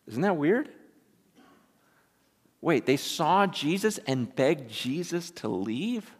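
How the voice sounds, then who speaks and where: A man's voice: fairly high pitch, big pitch swings, slow, pauses often, slightly rough. A man preaching a sermon in a church, emphatic and full of rhetorical questions to his congregation. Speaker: pastor. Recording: echoey hall, preached live.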